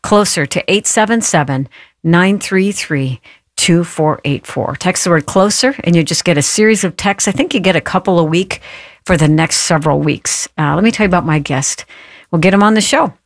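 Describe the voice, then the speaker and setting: A woman's voice: on the low side, moderate pace, dry recording, clean studio sound. A woman hosting a Christian talk show with fervent, affirming interjections, welcoming a guest and reading announcements.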